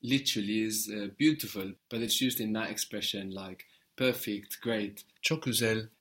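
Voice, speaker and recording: A man's voice: lowish voice, steady tone, moderate pace, fairly bright tone. A man teaching a language lesson, patiently modeling words and encouraging the learner.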